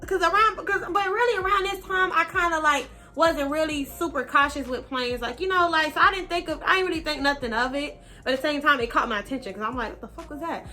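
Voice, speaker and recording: A young woman casually telling a personal story on her vlog, slangy, animated and now and then profane. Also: sits high, quick pace, few pauses, faint music behind. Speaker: vlogger.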